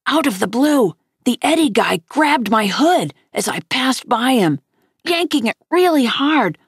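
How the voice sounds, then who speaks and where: A woman reading a novel aloud, lifting her pitch slightly for the characters' lines. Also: gravelly, breathy edge, no echo, studio quality. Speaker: audiobook reader.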